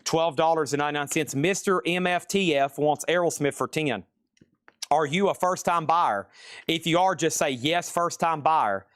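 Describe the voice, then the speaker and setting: A man's voice: fairly high pitch, fairly bright tone, no echo, clean studio sound. A man hosting a live online record sale, rattling off items and prices in casual, chatty sales patter. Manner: brisk, rattles off item lists and prices; casual, chatty asides to viewers. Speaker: live auction host selling vinyl records.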